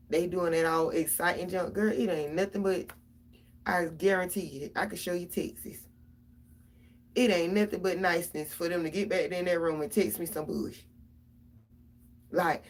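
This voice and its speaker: A woman's voice: lowish voice, moderate pace, long pauses. A middle-aged mother, venting casually and profanely straight to her viewers about her kids.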